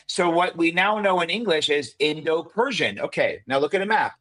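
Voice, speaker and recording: A man's voice: on the high side, expressive, normal speed, a bit bright, low-quality recording. A man from Afghanistan speaking emphatically and profanely in a heated casual debate, lecturing the panel.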